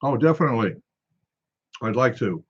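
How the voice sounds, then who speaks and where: A man's voice: medium pitch, expressive, moderate pace, slightly rough, muffled recording. A man hosting a casual tasting video, reading a can label aloud and joking to himself in a rambling, wry way. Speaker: drink reviewer.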